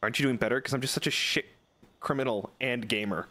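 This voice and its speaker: A man's voice: medium pitch, fast talker, pushed and bright. A man streaming a video game with casual, joking commentary and frequent swearing.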